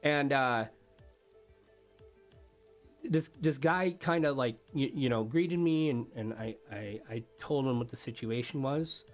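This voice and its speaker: A man streaming, telling a story casually to his chat, animated, swearing freely and laughing often. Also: mid-range voice, a little slow, soft background music.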